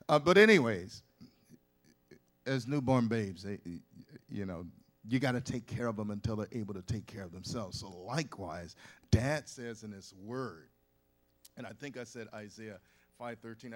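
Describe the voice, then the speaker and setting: A man's voice: mid-range voice, normal speed. A man preaching a sermon in a folksy, conversational way, often restarting his sentences and adding asides. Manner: folksy, with colloquial grammar. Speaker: pastor.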